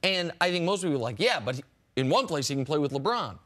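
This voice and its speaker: A man talks sports on a radio show in a casual debate style. His voice sits a little high for a man, and he gets animated before sinking low and quiet to land each point. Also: quick pace. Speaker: sports talk show host.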